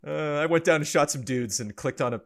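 A man chatting casually on a podcast, rambling with halting restarts and frequent laughs. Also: a little high, creaky. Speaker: streamer guest.

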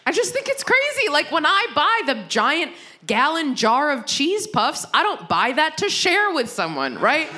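A young woman performing a stand-up comedy set, rambling and self-deprecating, with frequent restarts and quick asides. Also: sits high, very animated, sharp tone.

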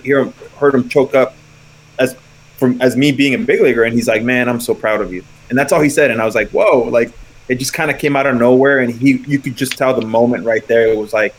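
A man's voice: medium pitch, low-quality recording. Earnest ballplayer, man, mid voice. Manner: earnest, reflective. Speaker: pro baseball player. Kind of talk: casual chat.

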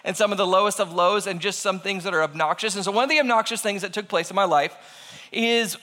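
Bright-voiced man telling a lively story. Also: high voice, fast talker, in a large hall. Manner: animated, acts out voices in quotes. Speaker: speaker telling a personal story. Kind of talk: animated storytelling to an audience.

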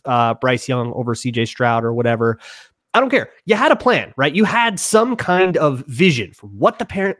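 A man co-hosting a sports talk podcast, delivering an animated, opinionated rant. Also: medium pitch, no room sound, studio quality. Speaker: podcast co-host.

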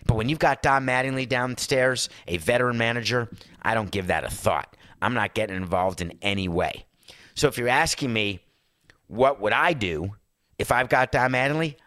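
A man hosting a sports talk show, a former team executive, talking in a rambling, animated, conversational way while seated indoors. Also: mid-range voice, no echo, clean studio sound. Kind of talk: casual sports commentary monologue.

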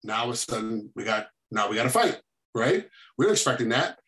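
A man talks quickly in a bright, forceful voice, playing out ringside moments as he tells them. He is a guest and a referee in a casual interview. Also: medium pitch. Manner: animated storytelling that acts out fight scenes. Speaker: guest, MMA referee and former fighter.

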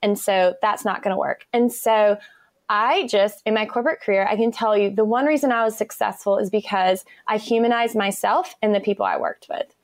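An upbeat woman talks quickly and warmly in a conversational interview, often breaking into laughter. Her voice sits at a middle pitch and is recorded dry and close, with no room sound around it. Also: fairly even intonation, no echo. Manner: enthusiastic, chatty, laughs often. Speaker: interview guest.

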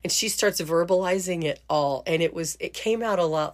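Chatty and casual, a middle-aged podcast host tells a family story, laughing often and dropping in plenty of "you know." Her lowish voice runs at a normal speed with hardly any pauses.

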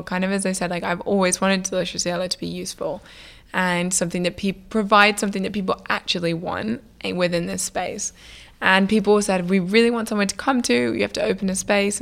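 A young woman, a food business founder, telling stories in a casual interview in a chatty, lively way, acting out what people said. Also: fairly low pitch, vocal fry. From United Kingdom. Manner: chatty, lively, many "like" fillers, acts out quoted dialogue.

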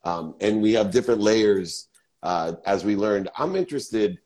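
A man in his fifties hosting a podcast interview, talking quickly and enthusiastically from a hotel hallway. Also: lowish voice, lively intonation, darkish tone. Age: 50s. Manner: quick, enthusiastic, swears casually. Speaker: podcast host. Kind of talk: casual interview chat.

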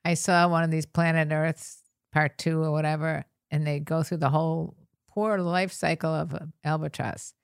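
An older woman co-hosting a podcast in casual chat, gently teasing and rambling. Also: low voice, flat delivery, moderate pace, vocal fry, clear, resonant tone, no echo, clean studio sound. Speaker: podcast co-host.

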